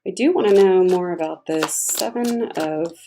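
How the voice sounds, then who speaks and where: A woman gives a casual tarot reading in a mellow, warm voice. She is chatty and expressive, laughing often and talking as if to a friend. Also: on the low side, normal speed. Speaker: tarot reader.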